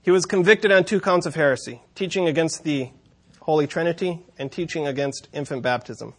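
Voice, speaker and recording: A man delivers a sermon as a long story, his voice sitting a touch higher than most men's. He drops wry asides and small chuckles as he narrates. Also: brisk. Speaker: preacher.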